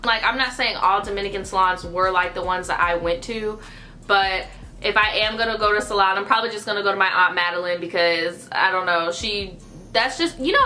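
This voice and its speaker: A woman's voice: medium pitch, bright, forceful tone. A young woman telling a casual storytime vlog, chatty and loose, full of "like" and swearing. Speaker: vlogger.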